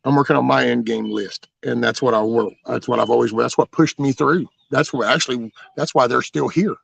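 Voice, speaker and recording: A man's voice: mid-range voice, fairly even intonation, a little fast, dry recording. A middle-aged man telling stories from his own life in a blunt, rambling, profane way, full of restarts. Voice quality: gravelly, raspy voice. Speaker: channel host telling his life story. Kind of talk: casual storytelling.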